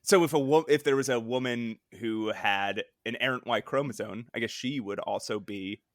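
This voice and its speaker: A man co-hosting a podcast in casual chat, animated and laughing often, acting out quotes in a high voice. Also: moderate pace, no echo, studio quality. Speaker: podcast co-host.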